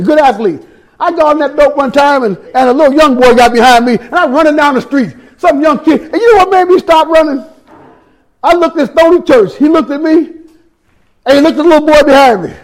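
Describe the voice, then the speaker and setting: A man's voice: very high voice, animated, fast. A man preaching a sermon, telling his own testimony with street slang, scripture and repeated words.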